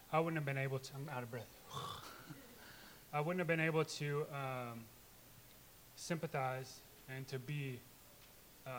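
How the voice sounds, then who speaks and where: A man's voice: fairly high pitch, a bit bright, slight background noise. Earnest man sharing a rambling testimony. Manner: earnest, rambling, with many restarts. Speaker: church member giving testimony. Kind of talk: informal testimony.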